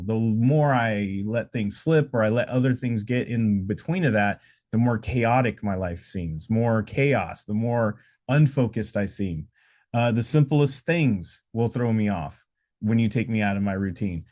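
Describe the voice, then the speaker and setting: A man's voice: medium pitch, a little mellow. A man hosting a casual live podcast, talking in loose, rambling, motivational stretches with frequent "uh"s and restarts. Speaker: podcast host. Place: indoors during a live podcast, with noise around.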